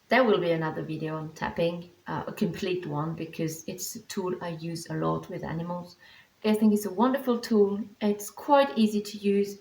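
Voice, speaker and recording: A woman teaching animal communication techniques in a calm, reassuring way, explaining step by step with frequent restarts. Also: lowish voice, vocal fry. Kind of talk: instructional vlog. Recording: echoey room.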